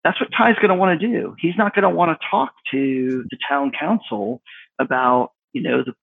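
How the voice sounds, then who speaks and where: A man talks through a casual round-table about tabletop games, wry and rambling. His voice is gravelly and husky. It comes over a tinny, phone-like line. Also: a little high, expressive, moderate pace, dry recording. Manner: wry, rambling, self-mocking. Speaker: podcast co-host.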